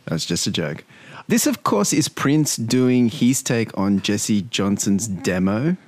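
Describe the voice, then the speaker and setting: A man on a music podcast panel who makes a quick joke and then gets on with his point. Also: fairly low pitch, very animated, darkish tone, no echo. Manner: jokey, laughs at his own joke. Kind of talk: casual music review chat.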